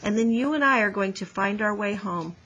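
A woman reading the lines of a devoted young male goose in a storybook, in a warm, promising way. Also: medium pitch, a little fast, breathy edge, muffled recording. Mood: tender.

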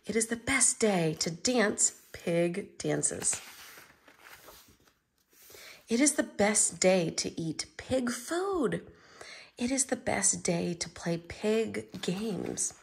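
A woman voicing an excitable, cheerful little female pig in a storybook read-aloud, with a bubbly, squealing delivery. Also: mid-range voice, creaky, breathy edge, heavily acted.

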